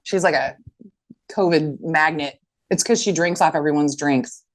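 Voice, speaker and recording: A woman's voice: sits low, moderate pace. A woman co-hosting a podcast, telling stories in a casual chat, acting out what people said and swearing freely. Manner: animated storytelling, acting out quotes, swearing. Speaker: podcast co-host.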